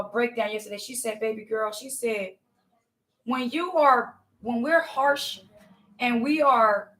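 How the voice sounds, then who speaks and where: High-voiced woman preaching a fervent testimony. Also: fairly bright tone. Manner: fervent, repetitive, addresses listeners as y'all. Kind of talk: impassioned testimony sermon.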